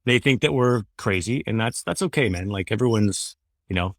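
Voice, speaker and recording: A man's voice: on the low side, expressive, normal speed, dry recording. Middle-aged man, ex-radio host, loose earnest guest talk, dry close mic. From Canada. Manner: earnest, rambling, says "man" and "you know" often. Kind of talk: candid interview conversation.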